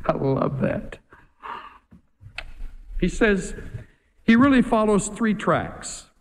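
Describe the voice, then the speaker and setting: A man's voice: sits high, big pitch swings, extremely slow, creaky, a little hiss or hum. Emphatic preacher man in an echoey hall. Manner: emphatic, with rhetorical questions. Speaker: pastor. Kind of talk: sermon.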